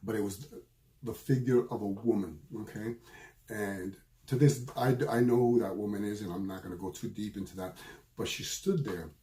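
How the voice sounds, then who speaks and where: A middle-aged man, a spiritual medium, telling a personal story in an earnest, emotional way, often halting and repeating his phrases. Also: lowish voice, steady tone, warm tone.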